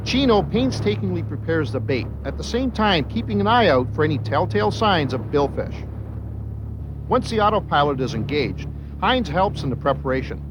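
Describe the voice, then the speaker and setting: A man's voice: on the high side, very animated, normal speed, noisy background. A man narrating a fishing documentary in a scripted, suspense-building way. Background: background music.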